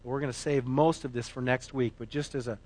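A man preaching a sermon, emphatic, moving between loud declarations and quiet asides. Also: mid-range voice, fairly even intonation, brisk. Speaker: pastor.

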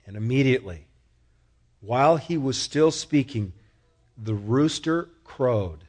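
A man preaching a sermon in a conversational way, asking the listeners questions and growing animated as he tells stories. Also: mid-range voice, slow. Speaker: pastor.

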